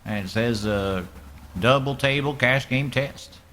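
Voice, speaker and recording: Male streamer, put-on Southern US accent, crisp forceful tone, laid-back salty poker commentary. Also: medium pitch, measured pace, slight background noise. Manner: laid-back, profane, joking drawl. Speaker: streamer commentating his own poker game. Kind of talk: casual live game commentary.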